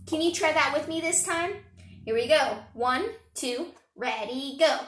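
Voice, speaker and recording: A woman's voice: high voice, unhurried. A woman music teacher giving an online children's lesson, upbeat and encouraging as she chants spelled-out letters. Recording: roomy and noisy home recording.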